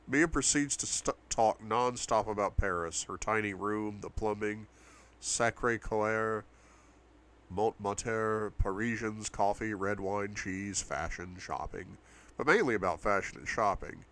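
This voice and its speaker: A man's voice: on the low side, measured pace, a bit bright. A young man reading a novel aloud for a book club, with asides to his viewers. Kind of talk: audiobook-style reading.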